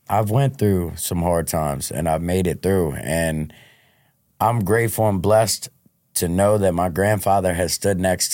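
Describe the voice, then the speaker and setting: Low mellow guy on a podcast, talking straight about his life, repeats himself a lot. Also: no echo, clean studio sound. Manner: frank, repeats word starts. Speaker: podcast guest. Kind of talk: candid interview storytelling.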